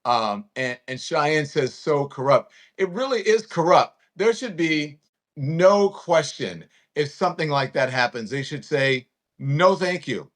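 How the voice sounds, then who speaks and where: A man's voice: fairly high pitch, expressive, unhurried, a bit bright. A man in his fifties from Louisiana, hosting a casual political chat and reading viewer comments with emphasis. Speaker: host.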